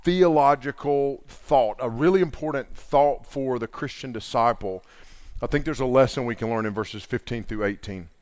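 A man's voice: medium pitch, moderate pace, darkish tone, clear, resonant tone, no room sound, studio quality. A middle-aged man preaching a sermon in a casual, earnest way, retelling scripture in everyday talk. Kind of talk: conversational sermon.

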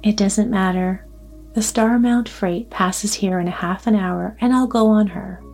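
A polite, mysterious man talks with quiet courtesy, voiced by a woman storyteller. The voice stays mellow and soft. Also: medium pitch, fairly even intonation, measured pace, faint music behind. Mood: courteous.

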